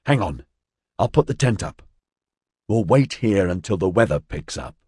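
A man's voice: low voice, normal speed, breathy edge, no room sound, clean studio sound, exaggerated voice. A man voicing a practical young man on a freezing trek, reasoning things out matter-of-factly. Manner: calm, reasoning, matter-of-fact.

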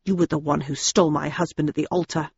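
A woman reading the part of a bitter, jealous middle-aged woman who heads a convent, speaking slowly and low with grudging insults. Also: steady tone, gravelly, darkish tone, husky, no room sound, dull audio, full character voice. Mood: resentful.

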